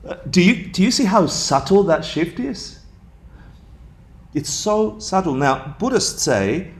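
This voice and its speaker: Gravelly, playful man teaching a class. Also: high voice, big pitch swings, slow. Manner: playful, laughs often, asks the class questions. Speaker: dharma teacher. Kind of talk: dharma class talk. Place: class room with students.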